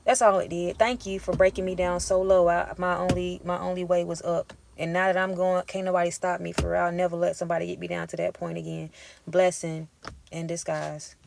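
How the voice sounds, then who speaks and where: A woman's voice: on the low side, little pitch movement, brisk, vocal fry, darkish tone, slight background noise. A woman giving a tarot reading as an emphatic, profane pep talk in casual street slang. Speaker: tarot reader. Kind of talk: intuitive tarot reading monologue.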